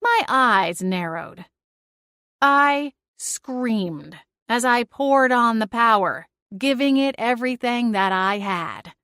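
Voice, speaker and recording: A woman narrating a first-person audiobook in a lively, dramatic storytelling manner. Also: a little high, slow pace, dry recording, studio quality.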